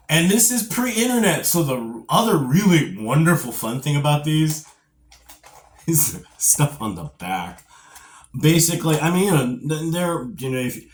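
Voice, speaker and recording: Middle-aged geeky guy reviewing old toys, voice jumps all over, rambly and goofy. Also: on the high side. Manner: animated and rambling, with playful asides; nostalgic, geeky enthusiasm. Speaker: toy collector reviewing action figures. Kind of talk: casual video review.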